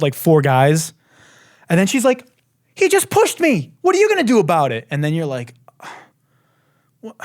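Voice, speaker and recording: A man's voice: mid-range voice, a little mellow, no room sound, studio quality. Sarcastic ranting male host. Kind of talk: comedic commentary.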